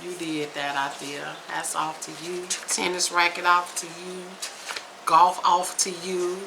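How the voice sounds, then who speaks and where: A woman vlogger, reading aloud slowly and reacting with emphatic exclamations. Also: fairly low pitch, flat delivery, vocal fry, noisy background. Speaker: vlog host reading aloud.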